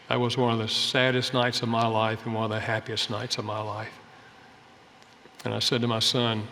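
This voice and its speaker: A man's voice: fairly low pitch, flat delivery, normal speed, bright, forceful tone, long reverb tail, a little hiss or hum. An older man giving an earnest, folksy sermon-style talk about family life, telling stories from his own home. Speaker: speaker on family and marriage.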